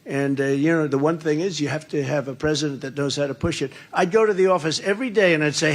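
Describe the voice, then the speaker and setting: Fast and with few pauses, a slightly high-voiced older man works a campaign rally in a big indoor hall. His speech rambles, brags, and circles back to the same phrases again and again.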